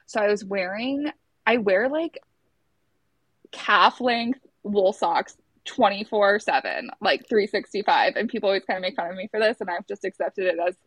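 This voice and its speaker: A woman in her thirties telling a personal story in casual conversation, talking fast and loose with lots of "like" and acting out what others said. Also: medium pitch, husky, no room sound. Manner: chatty, many filler "like"s, acts out quotes.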